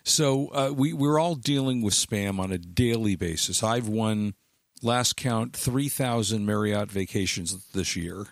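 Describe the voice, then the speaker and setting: A man's voice: lowish voice, a little slow, dry recording, clean studio sound. A man co-hosting a tech radio show in easygoing casual chat, rambling a little with restarts. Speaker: co-host.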